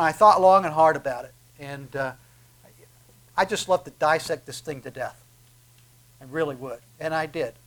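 Brief: male preacher, fervent sermon, fairly high voice, builds to emphatic peaks. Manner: fervent, swells to emphatic peaks, frequent restarts.

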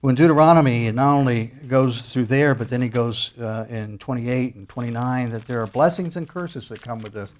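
Middle-aged male pastor, mid-pitched, casual sermon delivery with emphatic peaks. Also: brisk, hardly any pauses. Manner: conversational, with bursts of emphasis and many restarts.

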